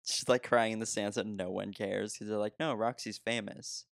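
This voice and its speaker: Gravelly low-voiced man chatting about a movie. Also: little pitch movement, fairly quick, no room sound, clean studio sound. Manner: laughs often, swears casually. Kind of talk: casual movie-review chat.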